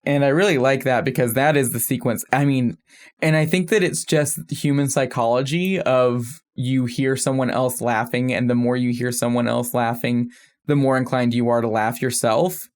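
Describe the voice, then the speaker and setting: A man co-hosting a film podcast, chatting casually with animated, self-deprecating asides. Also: mid-range voice, normal speed. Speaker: podcast co-host.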